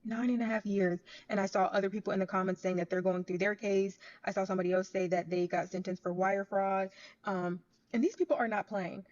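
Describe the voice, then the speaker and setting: Fast-talking woman, dull lo-fi audio. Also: mid-range voice, steady tone, darkish tone. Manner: chatty, repeats points for emphasis. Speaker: bank worker. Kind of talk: casual storytelling to camera.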